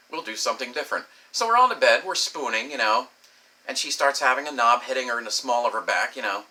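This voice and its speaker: A man's voice: mid-range voice, animated, quick pace, bright, forceful tone, poor audio. A man telling a crude personal story as a rambling, profane vlog monologue, laughing often and saying "you know" a lot. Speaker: vlogger.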